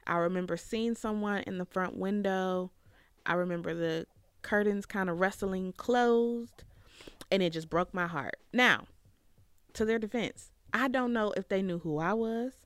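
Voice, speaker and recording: A woman in her thirties telling a reflective personal story as a podcast host, with fillers and pauses. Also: medium pitch, smooth, dry recording. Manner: reflective, tearful at times, with fillers.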